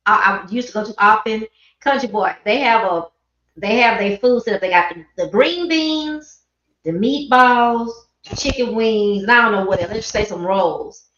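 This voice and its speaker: A woman hosting a casual live-stream chat, telling animated stories and mimicking people as she goes. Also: fairly high pitch, normal speed. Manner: animated storyteller, mimics people, laughs often. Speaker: host. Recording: echoey, dull livestream audio.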